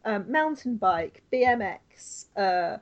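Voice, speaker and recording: A woman's voice: medium pitch, expressive, slow pace. A woman co-hosting a podcast in casual chat, bubbly and teasing, laughing often. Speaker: podcast co-host.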